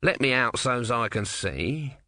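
A man's voice: mid-range voice, lively intonation, measured pace, pushed and bright, no room sound, clean studio sound. Man doing a grumpy tortoise god. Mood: bossy grumbling.

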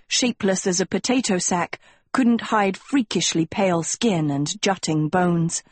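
A woman narrating an audiobook in a measured storytelling manner. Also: medium pitch, husky, no echo.

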